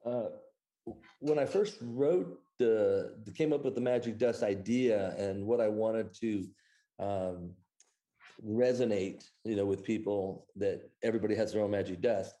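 Low, mellow-voiced man from Iowa. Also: unhurried. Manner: rambling, filler-heavy, lots of "uh" and restarts. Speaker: author and interview guest. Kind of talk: anecdotal storytelling in conversation.

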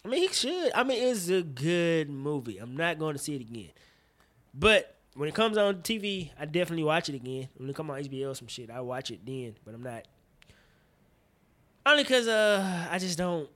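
Slangy fella hosting a movie chat podcast, kinda high voice, gets hyped. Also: male voice, normal speed. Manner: animated, profane, slangy. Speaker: podcast co-host.

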